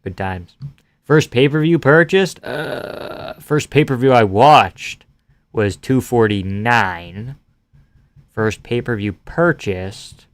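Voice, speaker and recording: A man's voice: medium pitch, slow, no echo. A young man hosting a live stream, casually reading out viewer comments and joking crudely in an offhand way.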